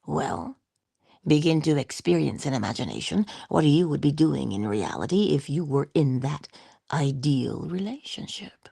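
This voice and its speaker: A woman giving a spiritual motivational talk in a soft-spoken way, often dropping into whispers, with playful, affectionate asides. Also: low voice, animated, normal speed, gravelly, husky, no echo, studio quality. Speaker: inspirational speaker.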